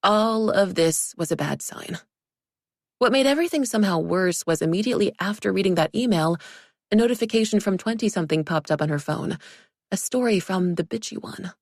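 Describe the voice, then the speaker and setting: A woman's voice: medium pitch, animated, brisk, a little mellow, no echo. A woman narrating an audiobook with a wry, dry comic delivery.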